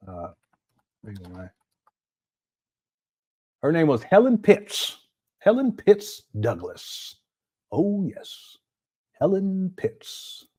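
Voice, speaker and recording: A man's voice: on the high side, huge pitch swings, extremely slow, long pauses, a little mellow, slightly rough. A man hosting a casual livestream, teasing and laughing as he reacts and reads viewer chats aloud. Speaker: livestream host.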